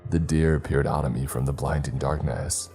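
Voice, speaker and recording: Brief: male horror narrator, very low and mellow, steady measured read, faint music underneath. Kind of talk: scripted first-person horror narration.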